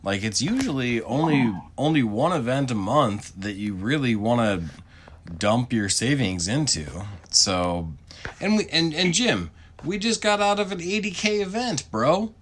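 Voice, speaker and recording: Male gamer, very lively pitch, teasing and profane in casual chat. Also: measured pace, slight background noise. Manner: animated, teasing, swears freely. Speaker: player on a gaming stream.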